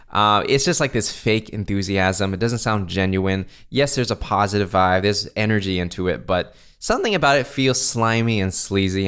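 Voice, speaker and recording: Low-voiced man coaching casually. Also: fairly bright tone. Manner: conversational, frequent "right?" check-ins. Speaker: sales coach. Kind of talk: instructional talk.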